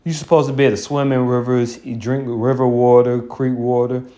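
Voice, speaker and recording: A man's voice: mid-range voice, little pitch movement, brisk, warm tone. A man teaching scripture in an informal, blunt and colloquial way, with scornful asides. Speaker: Bible teacher.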